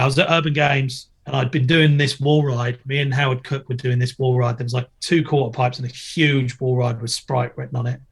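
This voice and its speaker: A middle-aged man talks through stories in a relaxed podcast chat. His voice has a gravelly, creaky edge, and he keeps things jokey and playful. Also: medium pitch. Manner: jokey, storytelling, loud impressions when quoting. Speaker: guest, former TV presenter and skater.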